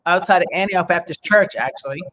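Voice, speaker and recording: A middle-aged woman from the New York area hosting a talk show, telling stories in a lively, animated way. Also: on the low side, a little fast. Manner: animated storyteller who acts out quoted voices. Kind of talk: casual chat, storytelling.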